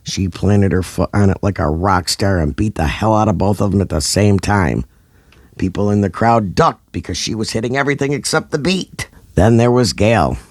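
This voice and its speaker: A man's voice: fairly low pitch, animated, normal speed, dry recording, studio quality. A man narrating a scripted comedy story in a dramatic, over-the-top way.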